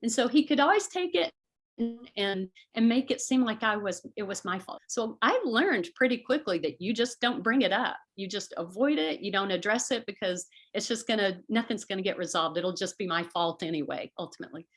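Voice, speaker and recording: A woman's voice: medium pitch, expressive, a little fast. Earnest middle-aged woman giving advice. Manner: earnest, acts out voices in quotes. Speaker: guest. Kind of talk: conversational advice talk.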